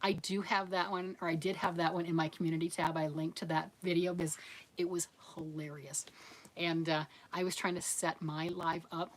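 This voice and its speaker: A middle-aged woman hosts a crafting livestream, chatting casually as she reads and answers viewer comments. Her voice sits a little low for a woman. She sounds encouraging and laughs often. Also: level tone, moderate pace. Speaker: livestream host of a crochet channel.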